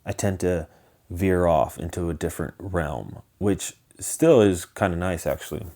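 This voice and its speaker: A man's voice: sits low, a little slow, mellow. A man from Southern California hosting a solo podcast, rambling and hesitant, with many ums and restarts. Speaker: podcast host. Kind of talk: casual solo podcast chat.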